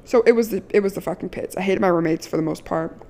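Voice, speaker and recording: A woman's voice: on the low side, quick pace, gravelly, a little mellow. A woman in her early twenties from Maryland, telling a candid, sassy storytime with casual profanity and a lot of "like". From Maryland, USA. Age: 20s.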